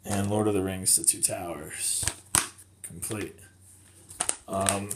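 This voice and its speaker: Male vlogger, unhurried, rambling show-and-tell, audible hiss and clicks behind. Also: low-pitched, fairly even intonation. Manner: rambling, self-correcting, chatty. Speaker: game collector showing finds. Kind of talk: casual show-and-tell vlog. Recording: clear background noise with clicks.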